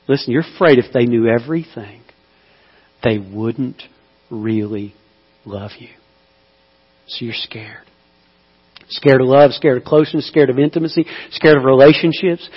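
A male preacher of middling pitch delivers his sermon, swinging from slow, hushed appeals to loud, pleading cries. The sound is dull, with a long hall reverb trailing behind him. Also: breathy edge.

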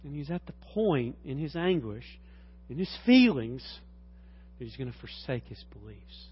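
A man preaching a sermon as a pastor, swinging from low, quiet passages to loud, high-pitched exclamations. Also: sing-song, normal speed, breathy edge. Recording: dull lo-fi recording.

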